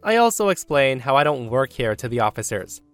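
A man's voice: medium pitch, sing-song, fairly quick, soft background music. A man reading online stories aloud in a casual way, talking straight to his listeners. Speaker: story narrator.

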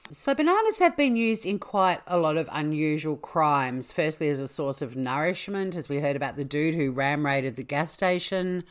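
A woman's voice: sits low, lively intonation, moderate pace, hardly any pauses. A woman hosting a true-crime podcast, chatty and playful, correcting herself as she goes. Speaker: podcast host.

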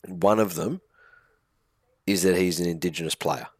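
A blunt man with a very deep voice, giving strong opinions on a sports podcast and swearing freely. The sound is dry and close to the mic, with no room around it. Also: normal speed, husky, no room sound. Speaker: podcast co-host. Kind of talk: casual sports podcast chat.

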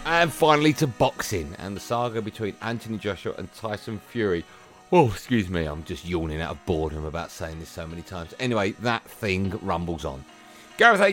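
A man's voice: on the low side, fairly bright tone. A man presenting sports bulletin links on radio, with dry, wry asides.

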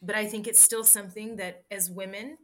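A woman guest in an interview, recounting a personal story in a halting, candid way with many restarts. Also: medium pitch, steady tone, a bit bright. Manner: halting, frequent restarts and fillers. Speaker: interview guest, bikepacking racer.

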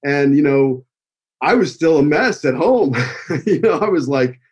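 Husky emotional man with a New York accent. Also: fairly high pitch, lively intonation, a little slow. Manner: emotional, rambling, many fillers. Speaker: acting school owner giving a tribute speech. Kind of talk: heartfelt personal speech.

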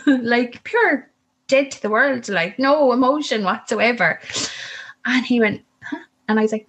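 Husky-voiced woman telling a story. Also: on the high side, moderate pace, poor audio. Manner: vivid, acts out the voices in her story. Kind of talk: personal storytelling.

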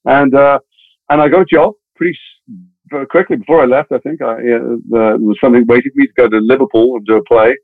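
A middle-aged actor telling anecdotes as a guest, chatty, with many restarts and wry asides. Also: male voice, medium pitch, fairly even intonation, fast, no echo. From England. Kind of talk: anecdotal interview storytelling. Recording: tinny phone-like dry sound.

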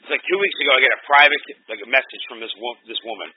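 Husky-voiced man telling profane stories. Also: medium pitch, racing. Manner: profane, animated storytelling. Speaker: podcast host. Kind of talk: casual chat. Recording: tinny phone-like dry sound.

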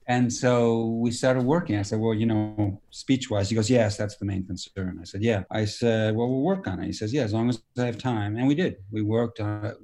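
A man in his sixties, an actor and director, telling stories in a relaxed interview, acting out quoted dialogue. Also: on the low side. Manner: storytelling, acts out quoted dialogue, mild profanity. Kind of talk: relaxed anecdotal interview talk.

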